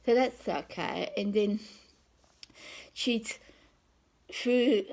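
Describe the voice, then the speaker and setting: A woman's voice: medium pitch, extremely slow, a little mellow, rough recording. A woman, a psychic, telling a rambling personal story in a casual, conversational way that often trails off.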